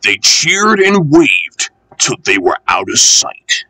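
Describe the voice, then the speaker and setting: A man reading a children's railway storybook aloud, expressive and animated. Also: sits low, slow pace, vocal fry, breathy edge, no echo, rough recording.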